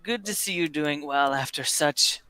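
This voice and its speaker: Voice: mid-range voice, moderate pace, bright, forceful tone, clear, resonant tone, dry recording, lightly acted. A game master voicing a drunken old man in a tavern who rambles through wistful toasts. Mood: warm toasting. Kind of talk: tabletop role-play voice.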